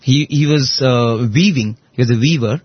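Husky man telling a devotional story. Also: medium pitch, moderate pace, dry recording, highs cut off. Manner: animated, acts out voices in quotes, many fillers.

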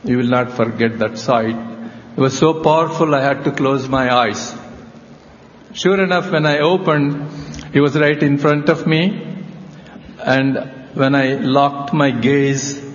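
An older man tells a personal story slowly and reflectively, taking his time over each phrase. His mid-range voice rings with a long hall reverb. The recording is dull and lo-fi. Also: a little high. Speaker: cardiac surgeon giving a talk. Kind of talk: personal testimony talk.

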